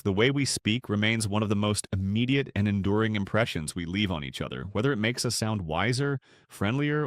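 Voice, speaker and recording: A man narrating a scripted documentary with a measured, rhythmic delivery that pauses between listed items. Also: lowish voice, no echo, clean studio sound.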